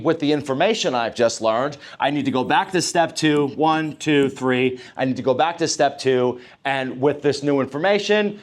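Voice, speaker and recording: A man running a live sales training session, coaching his team, asking the room questions and acting out lines he would say to customers. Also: on the high side.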